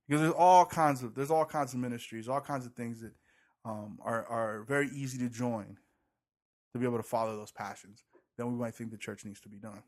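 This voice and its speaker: A man's voice: medium pitch, normal speed. Sarcastic man telling stories casually. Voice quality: heavy breathing. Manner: sarcastic, storytelling, acts out quotes. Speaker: podcast co-host. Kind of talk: casual chat about church.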